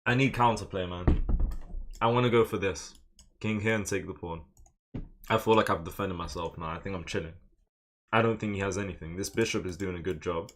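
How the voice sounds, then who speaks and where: A man's voice: low-pitched, brisk, long pauses. A young man, commentating live on his own online chess game, muttering moves and now and then breaking into exasperated outbursts. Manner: muttering his moves, then bursts into loud frustrated exclamations. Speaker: chess streamer.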